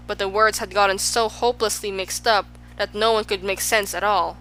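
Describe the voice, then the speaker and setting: A woman reading a children's storybook aloud as the narrator, lively and expressive. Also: mid-range voice, moderate pace, soft background music, low-quality recording. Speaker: audiobook narrator.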